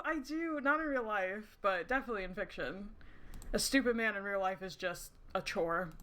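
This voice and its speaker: A woman's voice: mid-range voice, sharp tone. A woman streaming a romance game, rambling in casual chat, giggling often and swearing freely. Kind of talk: casual let's-play chat. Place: indoors at her screens under dim night lighting.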